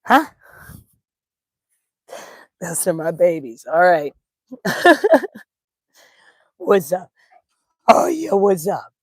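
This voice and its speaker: A woman's voice: lowish voice, big pitch swings, drawn-out words, long pauses, no echo. A woman at home on the couch, chatting casually on camera and cooing affectionately at her dogs in baby talk. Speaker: spiritual teacher and vlogger.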